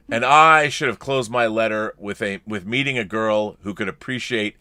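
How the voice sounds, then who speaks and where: A man's voice: on the low side, moderate pace, bright, forceful tone, smooth, dry recording, clean studio sound. A man co-hosting a casual podcast, chatting about a film and reading out viewer comments and letters, with frequent restarts. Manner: rambling, restarts, reads letters aloud. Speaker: podcast co-host.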